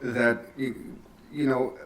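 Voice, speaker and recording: A man hosting a podcast who listens supportively and talks in a casual, sometimes halting way. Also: medium pitch, flat delivery, fairly bright tone. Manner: supportive, brief backchannel replies, some stammering. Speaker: podcast host. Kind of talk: casual interview chat.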